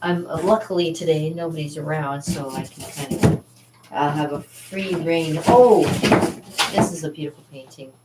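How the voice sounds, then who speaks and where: A chatty woman painter talks her way around her art studio, rambling cheerfully and laughing often. Her voice sits a little low and reaches the mic from across the room. The room rings with a roomy echo. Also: moderate pace, recorded from a distance, heavy background noise. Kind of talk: casual studio vlog. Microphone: camera mic, moving around the room.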